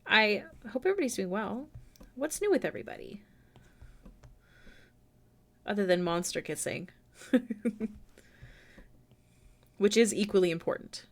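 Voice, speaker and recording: A young woman chatting casually with her viewers on a live art stream, self-deprecating and prone to sudden excited exclamations. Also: medium pitch, unhurried, long pauses. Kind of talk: casual live-stream chat while drawing. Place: home room.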